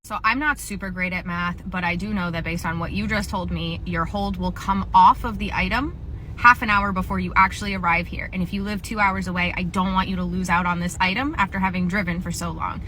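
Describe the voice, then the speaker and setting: A young woman telling a retail comedy sketch in a wry, deadpan way while playing a store associate. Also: on the low side, fairly quick, a little hiss or hum. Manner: wry, deadpan storytelling, chuckles between lines. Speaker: comedy skit creator. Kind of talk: sketch narration with acted lines.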